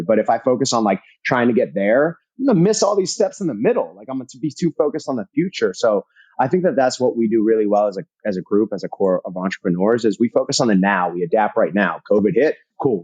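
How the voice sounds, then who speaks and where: Energetic man with a dry close sound. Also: lowish voice, slightly rough, dry recording, lo-fi sound. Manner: energetic, emphatic, swears casually, repeats phrases. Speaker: podcast guest, fitness entrepreneur. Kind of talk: casual interview chat.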